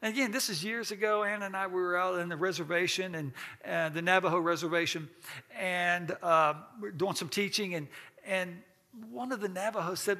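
A man with a high, gravelly voice leads a church class, throwing questions to the room in a folksy manner. His tone is bright and a little husky, and he laughs easily as he teaches. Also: normal speed.

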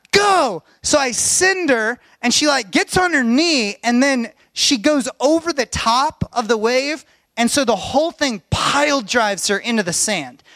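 A middle-aged pastor preaches through a personal story with real animation, rising into shouts when the story peaks. His voice sits very high for a man and rings bright. The sound is dry, with almost no room around it. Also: no echo. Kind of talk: sermon storytelling.

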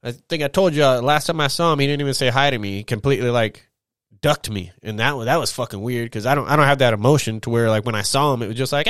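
Speaking frankly on his own podcast, this young host rambles, curses a lot, and stretches out "man" at the ends of lines. His medium-pitched voice is smooth and fairly bright, recorded at studio quality with no room sound.

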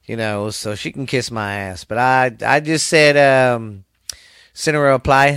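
A man's voice: medium pitch, steady tone, unhurried, a bit bright, clean tone, no echo, studio quality. Rambling Southern man hosting a podcast. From American South. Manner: rambling, profane, fired up, drawling. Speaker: podcast host. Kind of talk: casual solo podcast rant.

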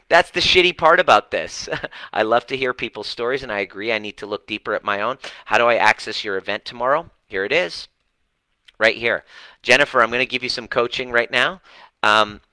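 A male healing coach giving a blunt, animated live talk to online viewers, swearing casually. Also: fairly low pitch, no room sound, rough recording.

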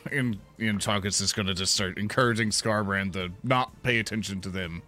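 A man's voice: lowish voice, normal speed, hardly any pauses, bright, forceful tone. A man playing a tabletop game, casually declaring his character's moves. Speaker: player.

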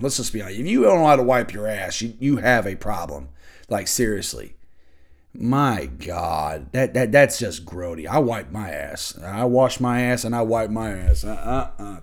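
A man hosting his own podcast, talking casually and ranting bluntly with lots of swearing. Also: lowish voice. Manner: loose and conversational with fillers. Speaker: podcast host. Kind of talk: casual solo podcast chat.

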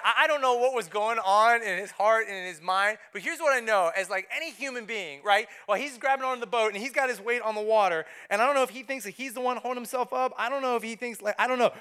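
A man with a high, smooth, resonant voice preaches to a church congregation in a loose, conversational style. He retells the story as if chatting with friends and slips into the voices of the people in it. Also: quick pace, hardly any pauses, bright, forceful tone. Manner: casual storytelling, acts out voices of the people he describes. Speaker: pastor. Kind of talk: conversational sermon. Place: church service before a congregation. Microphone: body-worn microphone.

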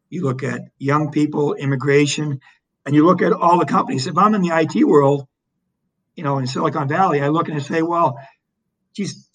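An economic development leader is being interviewed, a man with a slightly high voice caught on a rough recording. He tells stories in an animated, conversational way, restarting often and using lots of fillers.

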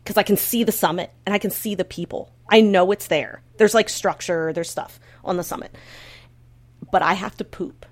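Young woman podcast host, animated storyteller, squeals and fillers. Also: mid-range voice, normal speed. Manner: animated storyteller, acts out her own panic with squeals; frequent filler words, restarts. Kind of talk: casual chat.

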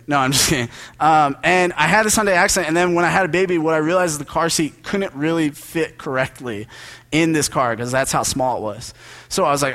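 A man's voice: a little high, a bit bright. A young man giving a casual, joking sermon as a preacher, talking to the congregation like friends. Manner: conversational and joking, with quick asides.

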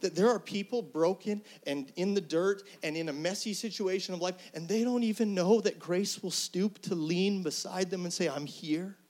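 A middle-aged man, a pastor, preaching an earnest, conversational sermon that swings between soft, hushed lines and loud, emphatic ones. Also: high voice, moderate pace, few pauses.

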